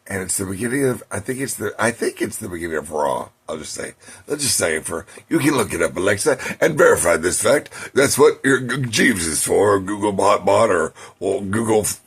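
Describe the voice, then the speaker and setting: A man retelling a comedy bit in a rambling, halting way, with a gravelly, husky voice. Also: fairly low pitch, fairly bright tone. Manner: rambling, halting restarts, laughs at own punchlines. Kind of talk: rambling storytelling monologue.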